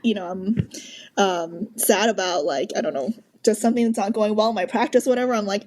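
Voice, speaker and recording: A woman's voice: medium pitch, a little fast, darkish tone. A woman guest on a podcast, talking casually with many fillers and restarts. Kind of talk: casual chat.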